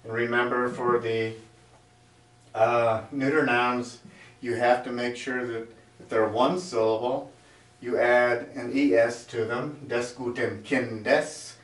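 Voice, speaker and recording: A man's voice: mid-range voice, little pitch movement, a bit bright. A man teaching a grammar lesson in a classroom, explaining step by step as he writes on a board. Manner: slow, explanatory, writing on a board as he talks. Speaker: German teacher. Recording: echoey room, mic far off.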